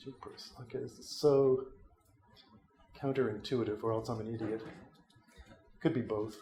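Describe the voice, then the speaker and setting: A man's voice: mid-range voice, fairly even intonation, moderate pace, mellow, slight background noise. A middle-aged man giving a conversational history lecture to a union audience, with wry, self-mocking asides. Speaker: history professor, guest lecturer.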